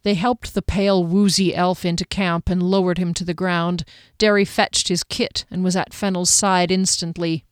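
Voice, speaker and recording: Woman audiobook narrator, measured fantasy reading, smooth resonant voice, dry studio sound. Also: lowish voice, level tone, dry recording.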